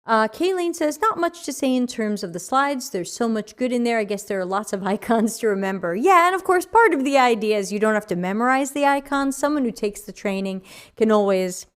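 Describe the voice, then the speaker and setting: A woman's voice: a little high, lively intonation, a little fast, smooth. Chatty New York woman hosting a livestream. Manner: chatty, reads out viewer comments, frequent fillers. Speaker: podcast host. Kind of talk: casual livestream chat.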